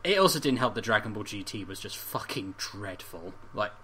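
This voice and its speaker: A man in casual podcast chat whose pitch swings freely as he talks. His tone is bright and forward, and he laughs and swears as he rambles through tangents. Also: animated, moderate pace, husky. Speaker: podcast co-host.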